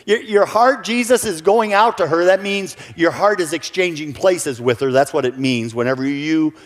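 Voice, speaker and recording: A man's voice: on the high side, normal speed. A male pastor giving an earnest sermon who often repeats his first words when starting a sentence. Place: church sanctuary. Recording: church hall reverb.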